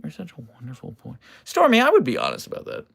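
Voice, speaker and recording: A man with a gravelly, fry-edged voice hosts a casual pet livestream. His pitch swings widely as he chats with viewers and slips into playful high baby-talk with his dog. He sounds a bit sleep-deprived but upbeat. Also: huge pitch swings, quick pace, fairly bright tone. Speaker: livestream host with pet huskies. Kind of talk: casual livestream chat to pets and chat.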